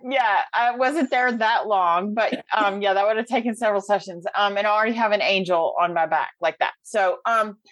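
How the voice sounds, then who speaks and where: A woman's voice: medium pitch, moderate pace, few pauses, fairly bright tone, no room sound. A woman with a Southern US accent chatting casually in a recovery podcast, with many ums and easy laughter. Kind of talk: casual chat.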